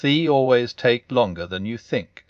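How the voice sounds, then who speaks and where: A man voicing a brisk, bossy male rabbit who speaks matter-of-factly. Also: mid-range voice, animated, dry recording, lo-fi sound, natural voice.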